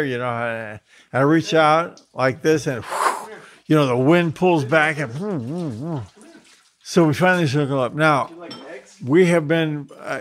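A man casually telling a personal anecdote, vivid and lively, with frequent restarts. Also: fairly high pitch. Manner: animated, vivid storytelling with restarts. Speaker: storyteller.

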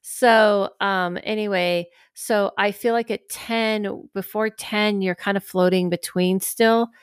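A woman hosting a podcast in casual chat, rambling with lots of fillers and lively acted-out quotes. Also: mid-range voice, takes it slowly, smooth, no echo, studio quality. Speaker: podcast host.

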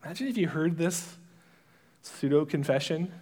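Animated high-voiced male preacher. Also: moderate pace. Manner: animated storyteller acting out characters' lines. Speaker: pastor. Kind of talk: sermon retelling a Bible story.

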